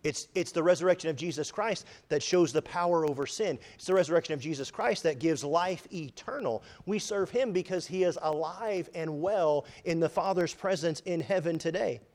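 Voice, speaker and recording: Man, pastor, high voice, preaching a sermon, emphatic, quotes scripture. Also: moderate pace, hardly any pauses. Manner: preaching with emphatic rises and drops in loudness; quotes scripture in old-fashioned wording.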